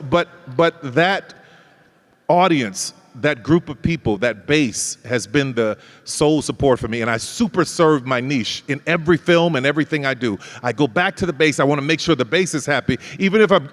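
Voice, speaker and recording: A man's voice: on the high side, normal speed. Storytelling man in a reverberant hall. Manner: animated storyteller who acts out dialogue and laughs often. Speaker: guest. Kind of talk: storytelling interview.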